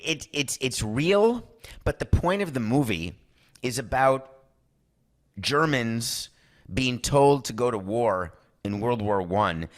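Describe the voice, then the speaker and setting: A man hosting a sports talk podcast, giving opinionated monologues and acting out quoted voices. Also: on the low side. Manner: animated, acts out quoted voices. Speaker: podcast host.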